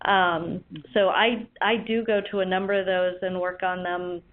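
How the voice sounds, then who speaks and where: Woman dietitian guest, friendly and unhurried, thin phone-line audio. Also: lowish voice, level tone. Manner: friendly, hesitant with fillers. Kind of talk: casual phone interview.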